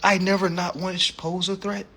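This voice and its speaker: A man hosting a casual livestream chat, animated and profane, laughing often and peppering his talk with slang. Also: high-pitched, moderate pace, a little hiss or hum. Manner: slangy, repeats "you know what I'm saying". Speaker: livestream host.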